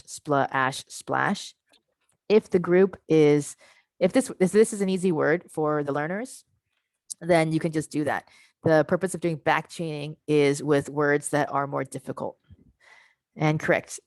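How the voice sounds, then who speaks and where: Low-voiced woman leading a teacher workshop. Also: no echo. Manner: explains step by step, modeling sounds slowly and checking in with "right?". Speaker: workshop presenter. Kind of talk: online teacher-training workshop. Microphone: computer mic on a video call.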